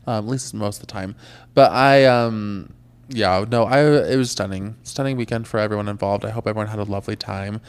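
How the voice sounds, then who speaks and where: A man in his twenties co-hosting a podcast, chatting in a gushing, excitable way with lots of "like" fillers. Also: lowish voice, a little fast, clean tone. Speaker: podcast co-host. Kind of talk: casual chat.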